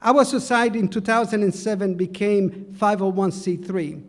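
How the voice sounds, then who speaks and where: A man's voice: sits high, moderate pace, long reverb tail. Italian-accented man giving an acceptance speech. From Italy. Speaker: honoree society president.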